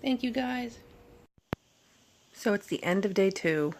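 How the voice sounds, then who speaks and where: A woman vlogging at home while recovering from surgery, tired and in pain, talking in a halting, rambling way full of fillers and restarts. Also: medium pitch, expressive, a little hiss or hum. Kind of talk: casual recovery vlog. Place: at home, sitting in bed.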